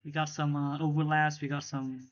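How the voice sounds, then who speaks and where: A person casually presenting tournament maps on a live stream, halting and repeating words. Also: medium pitch, flat delivery, muffled recording. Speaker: tournament mappool showcaser.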